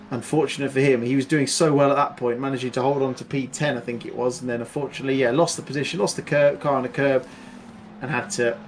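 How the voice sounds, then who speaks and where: A man doing live play-by-play commentary on a sim race, excitable and chatty, laughing often. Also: mid-range voice, a little hiss or hum.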